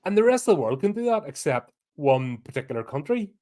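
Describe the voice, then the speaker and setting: A man's voice: a little high, sing-song, a little fast, warm tone. A man with a Northern Irish accent, co-hosting a podcast in casual chat, blunt and ranting, swearing freely. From Northern Ireland. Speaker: podcast co-host.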